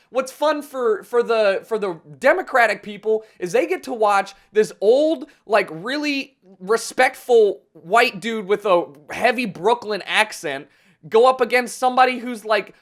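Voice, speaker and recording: A man's voice: high-pitched, fairly bright tone. A young man ranting casually and sarcastically about politics, swearing often and rambling. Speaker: vlogger.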